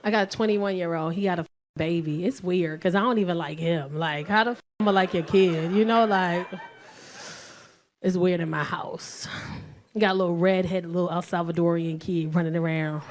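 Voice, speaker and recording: A woman's voice: lowish voice, steady tone, normal speed. Brash New York woman comic. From South Bronx, New York. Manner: brash, profane, loud bursts and mock voices. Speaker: stand-up comedian. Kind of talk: stand-up set.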